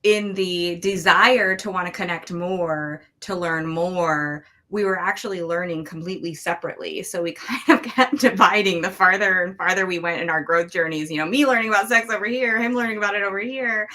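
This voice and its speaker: A woman in her forties with a lowish, bright, keen voice talks through her story as a coach. She sounds earnest and reflective, speaking frankly about intimacy. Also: brisk, few pauses. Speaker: relationship coach, guest. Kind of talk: candid interview talk.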